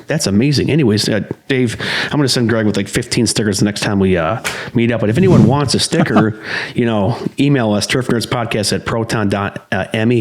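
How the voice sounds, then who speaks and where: A man co-hosting a casual podcast who rambles, goes off on tangents and laughs mid-sentence. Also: medium pitch. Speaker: podcast co-host.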